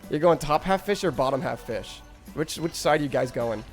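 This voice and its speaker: A man's voice: fairly high pitch, animated, moderate pace, faint music behind. A man streaming a game, rambling and joking with chat in crude casual talk, often stammering.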